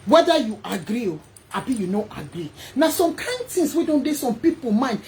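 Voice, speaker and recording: Woman, Nigerian accent, vlog host, emphatic, fairly high voice, very lively pitch. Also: moderate pace, a little hiss or hum. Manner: animated, emphatic, addresses viewers directly. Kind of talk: casual vlog monologue.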